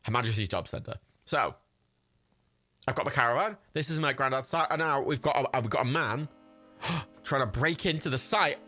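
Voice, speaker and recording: A man's voice: medium pitch, moderate pace, bright, forceful tone, no room sound, soft background music. A young English man in casual, rambling and self-mocking gameplay commentary as a livestreamer.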